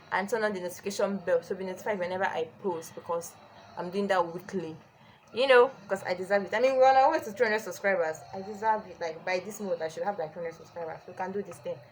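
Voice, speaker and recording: A young woman telling a storytime on her vlog, chatty and animated with many "like"s. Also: mid-range voice, a little hiss or hum. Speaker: vlogger.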